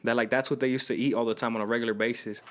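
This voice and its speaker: A man's voice: medium pitch, little pitch movement, racing. A young man hosting a podcast, telling loose slangy stories in casual chat. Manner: loose slangy storytelling, acts out quotes. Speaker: podcast host.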